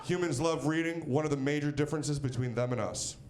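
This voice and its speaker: A man's voice: fairly high pitch, a little fast, a little mellow. A man from Pennsylvania doing a stand-up comedy set with a punchy, wry storytelling delivery. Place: comedy stage.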